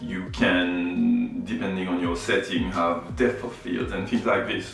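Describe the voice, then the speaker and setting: A man's voice: low voice, flat delivery, a little slow, creaky, a bit bright, heavy reverb, recorded from a distance, faint music behind, rough recording. A man from Martinique who runs a photography channel, explaining his views in a reflective vlog, often checking in with "right?" and "you know". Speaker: photography YouTuber.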